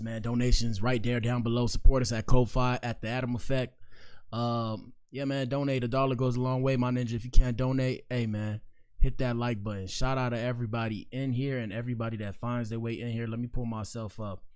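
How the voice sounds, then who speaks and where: A man's voice: mid-range voice, little pitch movement, fairly quick, darkish tone, clear, resonant tone. A man hosting his own podcast, who talks in a loose, rambling, slangy way and says he is tired, commenting casually on news clips. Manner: laid-back, loose slang, rambling asides. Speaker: podcast host.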